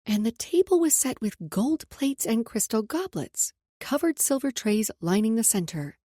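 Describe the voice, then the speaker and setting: A woman's voice: a little high, big pitch swings, normal speed, hardly any pauses, warm tone, no echo. A woman narrating a romance audiobook in an intimate first-person voice that drops to a whisper in close passages.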